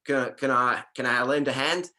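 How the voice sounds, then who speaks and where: A man's voice: medium pitch, moderate pace, sharp tone. A man putting on a cheery Australian neighbour. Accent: Australian, put on. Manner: cheery, folksy. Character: friendly Australian man offering help at the door.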